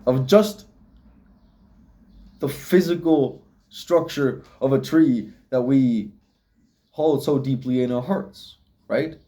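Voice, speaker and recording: Slow-talking, profane rambling man. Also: mid-range voice, dark tone. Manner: profane, laughing, philosophical rambling. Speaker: vlogger. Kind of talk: rambling casual monologue.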